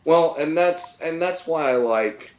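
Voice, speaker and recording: A man in his thirties, a comedian telling stories as a guest in a casual interview, relaxed with lots of fillers and restarts. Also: fairly high pitch, a little slow, roomy sound, dull audio.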